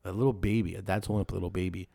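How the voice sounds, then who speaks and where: A man in casual chat who tells animated stories and swears often. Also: low voice, very fast, gravelly, dry recording, clean studio sound.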